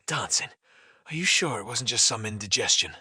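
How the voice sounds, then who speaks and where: A man's voice: medium pitch, animated, moderate pace, sharp tone, husky, no echo, clean studio sound, exaggerated voice. A man voicing a sarcastic, wisecracking male friend with a mocking, raised delivery.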